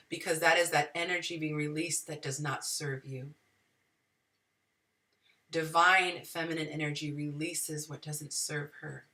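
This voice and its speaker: Woman host giving dating advice live, preachy and spiritual, bright tone, bit far from the mic. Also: low-pitched. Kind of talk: live stream talk to viewers.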